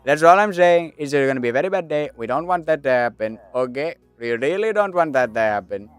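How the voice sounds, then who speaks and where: A man's voice: on the high side, expressive, brisk, clear, resonant tone, no echo, faint music behind, pitched above the performer's own voice, lightly acted. A man voicing an old, muscular warrior monk with a put-on Indian accent, lilting and emphatic. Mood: warning. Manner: lilting, emphatic, repeats warnings. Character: muscular old male warrior monk, calm but menacing.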